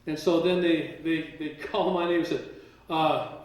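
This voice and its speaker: At a live seminar in a large room full of people, a man with a slightly high voice tells stories at an unhurried pace. He's animated, acts out what others said, and laughs now and then as he goes. The mic sits at a distance, so the sound is roomy and echoey.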